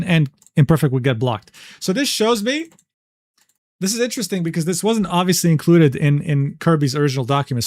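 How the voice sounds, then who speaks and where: A man's voice: on the high side, darkish tone, dry recording, clean studio sound. Sarcastic, profane male streamer. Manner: profane, exasperated, sarcastic asides; reads chat messages and screenshots aloud. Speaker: streamer reading drama documents. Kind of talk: casual livestream commentary.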